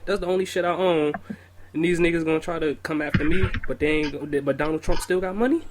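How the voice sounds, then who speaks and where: A man's voice: a little high, fast talker, a little hiss or hum. Joking, slangy young podcast co-host man. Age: young adult. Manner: loose, joking, swears freely, laughs often. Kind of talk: casual chat.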